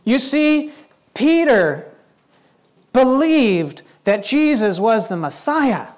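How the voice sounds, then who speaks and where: A man's voice: very high voice, big pitch swings, slow pace. A man preaching a sermon in a conversational, playful way, acting out little scenes as he goes. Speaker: pastor.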